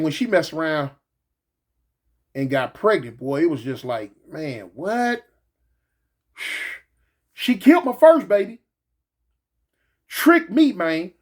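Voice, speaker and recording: A man telling a personal story in a casual, animated way, repeating himself and peppering it with "man" and "you know". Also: sits high. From Los Angeles.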